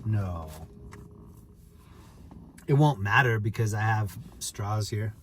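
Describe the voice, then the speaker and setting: A man's voice: lowish voice, slow pace, a little hiss or hum. A man casually chatting on a live stream, joking, rambling, and greeting viewers by name.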